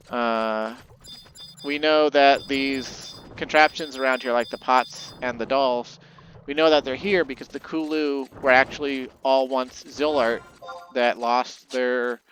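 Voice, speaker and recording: A man's voice: mid-range voice, fairly bright tone, a little hiss or hum, low-quality recording. Rambling man playing a game. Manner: rambling, thinks aloud with fillers. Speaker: let's play host. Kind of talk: casual game commentary. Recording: faint game music behind.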